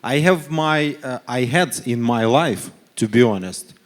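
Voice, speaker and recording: Slow, halting man. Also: medium pitch. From Donetsk region, Ukraine. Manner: halting non-native English, frequent fillers and self-corrections; earnest, insistent rhetorical questions. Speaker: panelist, human rights official. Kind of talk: panel discussion at a forum. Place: conference panel stage.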